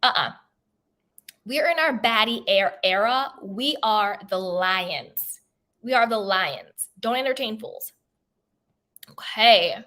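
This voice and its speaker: A woman's voice: medium pitch, lively intonation, slow pace, long pauses, bright, forceful tone. A woman self-help coach giving an emphatic, conversational motivational talk straight to camera, repeating her key points.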